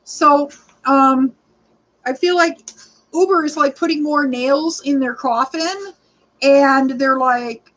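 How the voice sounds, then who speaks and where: High, bright-pitched woman in her forties, rambling livestream host who greets chat by name and sometimes runs short of breath. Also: measured pace, low-quality recording. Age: 40s. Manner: rambling, chatty, greets viewers by name, frequent fillers. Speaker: livestreaming rideshare vlogger. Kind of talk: casual livestream chat reading comments.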